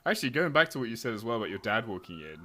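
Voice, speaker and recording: A man's voice: medium pitch, very animated, sharp tone. A man co-hosting a podcast in casual chat, reacting with enthusiasm. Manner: enthusiastic, quick reactions and laughter.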